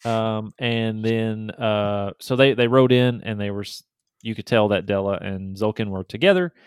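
A man's voice: on the low side, moderate pace, smooth, no echo, clean studio sound. A man, running a tabletop game and recapping the last session in a loose, rambling way. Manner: rambling, filler-heavy recap. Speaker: game master.

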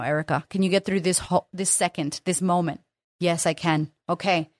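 A woman's voice: fairly low pitch, steady tone, moderate pace, dry recording, studio quality. A woman confidence coach talking candidly and emphatically in a motivational monologue, swearing freely.

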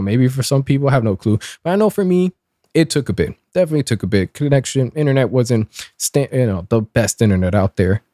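A man in his twenties hosting a casual commentary show, sarcastic and blunt, with lively swings in pitch. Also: no room sound, clean studio sound. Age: 20s. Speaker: commentary host.

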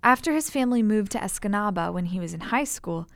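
A woman reading scripted documentary narration in an even, measured way. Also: mid-range voice, no room sound.

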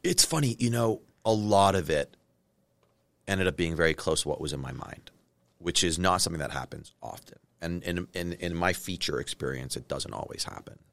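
A man from Canada, a film director being interviewed, telling stories in a lively way and acting out what people said. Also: low-pitched, normal speed, gravelly. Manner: animated storyteller, acts out quotes. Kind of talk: casual interview chat.

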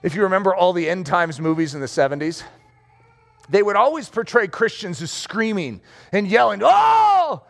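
A middle-aged male pastor preaching a playful sermon, acting out scenes and shouting for effect. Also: high-pitched, normal speed. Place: room with rows of chairs.

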